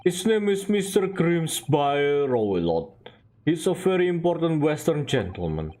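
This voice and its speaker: A man's voice: a little high, very animated, unhurried, darkish tone. A man voicing a surly sailor who guards a ship's first-class cabins, speaking curt broken English while reading game dialogue aloud. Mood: gruff.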